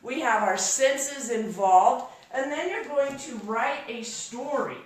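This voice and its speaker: Lively woman storyteller in an echoey room. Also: sits high, slow pace, recorded from a distance, slight background noise. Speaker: workshop speaker. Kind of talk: storytelling talk to a live audience.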